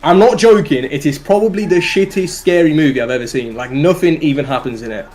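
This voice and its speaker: A man with a British accent telling a story on a livestream, animated and swearing, often laughing as he goes. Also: a little high, fairly quick. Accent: British English. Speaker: live streamer.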